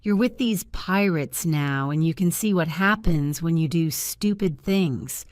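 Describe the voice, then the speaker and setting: A woman reading the lines of a stern but caring male ship's doctor in a storybook, firm and measured. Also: on the low side, lively intonation, darkish tone, no room sound, clean studio sound.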